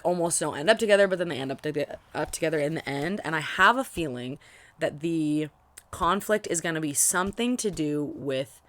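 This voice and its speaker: A woman's voice: fairly low pitch, no echo. A young woman chatting casually about a book she is reading, rambling with lots of fillers and restarts. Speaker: book vlogger. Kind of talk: casual book reaction chat.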